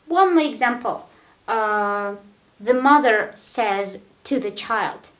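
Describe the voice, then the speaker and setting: A woman with a fairly high voice teaching an English grammar lesson at a very slow, deliberate pace. She repeats each example patiently and checks in with "right?" again and again. The room around her is echoey. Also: animated, fairly bright tone.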